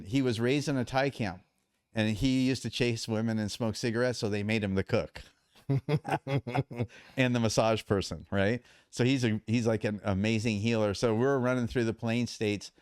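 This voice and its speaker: Guy telling stories on a podcast, smooth voice, dry close mic. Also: medium pitch, no echo. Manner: animated storyteller with many restarts. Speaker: podcast guest, endurance athlete. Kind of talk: casual storytelling.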